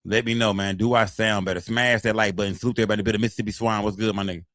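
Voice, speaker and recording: A man's voice: on the low side, fairly even intonation, rapid-fire, fairly bright tone, no echo, studio quality. A man commenting casually on a live stream in loose, profane street slang, repeating himself and addressing his chat. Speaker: streamer reacting to court footage.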